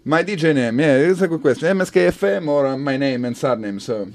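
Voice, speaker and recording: A man's voice: on the high side, lively intonation, brisk. A man hosting a community radio show, speaking English as a second language and ending his remarks with "no?". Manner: non-native English, short agreeing replies with tag "no?". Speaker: radio DJ host. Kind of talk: casual radio interview chat. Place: radio studio.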